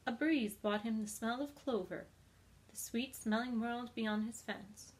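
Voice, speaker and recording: A woman reads a children's book aloud with expressive, friendly storytelling. Her voice sits fairly high, and she talks gently to young listeners as a teacher. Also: a little slow, breathy edge.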